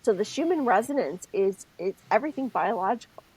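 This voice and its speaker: A woman with a husky, breathy voice talks through spiritual ideas in a relaxed podcast chat. She is expressive and thinks out loud, often breaking off to start her sentence again. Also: mid-range voice, a little fast, no room sound, low-quality recording. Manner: expressive, thinks aloud, self-interrupting. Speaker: podcast co-host.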